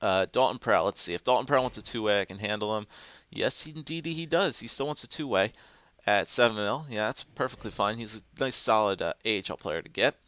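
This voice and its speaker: A man's voice: on the low side, quick pace, fairly bright tone, clear, resonant tone, dry recording. A young man giving casual, rambling gameplay commentary, thinking aloud with fillers as he goes. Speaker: gaming commentator.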